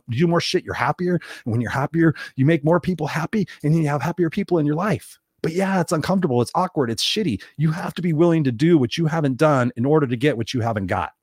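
A man delivers an unscripted motivational talk at a rapid clip, blunt and full of swearing. He acts out the people he quotes, and his voice sits at a middle pitch. The recording is close and dry, with no room sound. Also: slightly rough, no echo. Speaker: podcast host. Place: Los Angeles.

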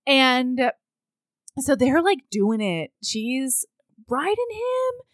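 Woman retelling a book plot, slow and blunt, crude jokes, dry close sound. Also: high-pitched, no room sound. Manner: blunt, crude, animated storyteller. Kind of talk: casual chat recapping a book.

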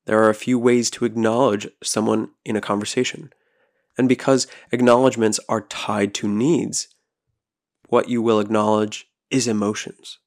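A man hosts his own podcast alone, talking in a calm and thoughtful way. His voice has a gravelly edge. He keeps pausing to ask the listener questions. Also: fairly low pitch. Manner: calm, reflective, asks rhetorical questions. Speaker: podcast host. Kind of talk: solo podcast monologue.

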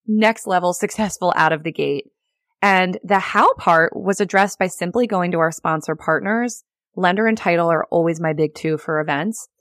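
Upbeat woman podcast host with a lower voice, chatty teaching tone, recorded dry and close. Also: no room sound. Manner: chatty, upbeat, frequent "like" and laughs. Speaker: podcast host and real estate agent. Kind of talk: casual solo podcast teaching.

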